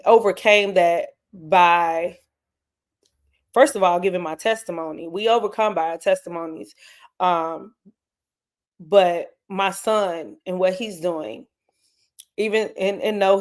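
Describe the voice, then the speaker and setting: Candid woman hosting a live stream. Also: lowish voice. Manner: candid, emotional, talks straight to her chat. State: tearing up. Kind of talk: casual live stream chat.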